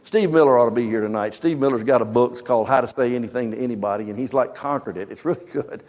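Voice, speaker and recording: A man's voice: medium pitch, quick pace, darkish tone, long reverb tail. A male pastor preaching a sermon, reading scripture aloud with dramatic emphasis and asking the congregation questions. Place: church sanctuary.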